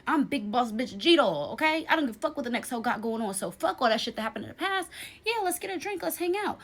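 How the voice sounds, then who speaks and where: A young woman with a fairly high voice tells a storytime in a brash, emphatic, profane way. She keeps checking in with the listener and drives each point home. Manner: brash, profane, emphatic, tags lines with "okay?". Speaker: storytime vlogger. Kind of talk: casual storytime.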